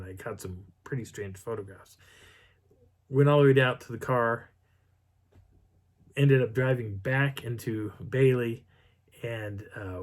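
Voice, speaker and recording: A middle-aged man telling a story on his video channel in a casual, animated way, acting out what people said. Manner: animated, acts out quotes with pitch jumps and whispers. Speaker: vlogger.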